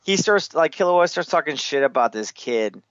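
This man's voice runs on the high side with lively intonation and a moderate pace. He chats casually, swearing often and laughing while loosely retelling scenes from a movie. The recording is dry and lo-fi.

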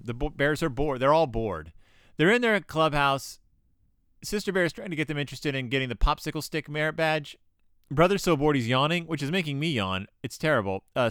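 A man's voice: mid-range voice, a bit bright, dry recording, clean studio sound. A male podcast host giving casual comedic commentary on children's books, sarcastic and rambling with many asides.

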